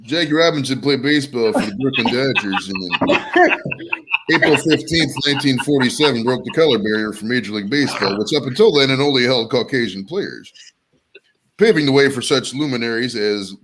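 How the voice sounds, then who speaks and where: A man's voice: medium pitch, animated, a little fast, heavy background noise. A man hosting a podcast in casual chat, riffing in a jokey, profane way. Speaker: podcast host.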